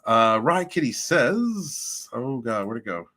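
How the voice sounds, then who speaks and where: A man hosting a livestream, reading viewer chat and ranting in a rambling, profane way with loud swings of emphasis. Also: mid-range voice, big pitch swings, slow pace. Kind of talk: casual rant and chat.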